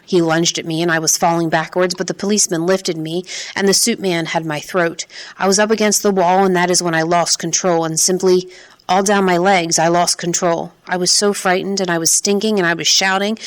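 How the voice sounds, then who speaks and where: A woman reading a first-person story aloud in a measured, steady way. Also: fairly low pitch. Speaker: audiobook narrator. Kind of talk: first-person scripted narration.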